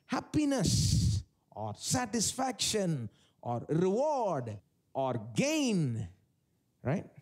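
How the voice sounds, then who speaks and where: Lively high-voiced preacher. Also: male voice. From India. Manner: emphatic, rhetorical questions to the congregation, acts out voices. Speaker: pastor. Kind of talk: sermon. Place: large church service.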